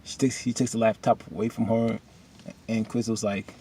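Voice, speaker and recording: Husky man casually recapping a TV episode. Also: lowish voice, flat delivery, a little fast, warm tone. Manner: retells scenes loosely with many fillers and asides; talks straight to characters, preachy at times.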